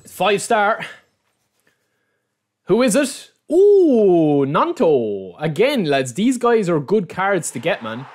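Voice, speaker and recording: A man with an Irish accent giving live-streamed gaming commentary, excitable and repeating phrases while he talks to his viewers as lads. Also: sits high, slow pace, long pauses. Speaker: gaming YouTuber opening card packs.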